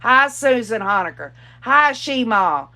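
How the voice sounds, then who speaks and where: A woman's voice: on the high side, sing-song, unhurried, sharp tone. A woman hosting a casual true-crime livestream, greeting viewers and reading their comments aloud, talking in an emphatic, opinionated way with plenty of fillers and restarts. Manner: frequent fillers and self-restarts. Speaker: livestream host.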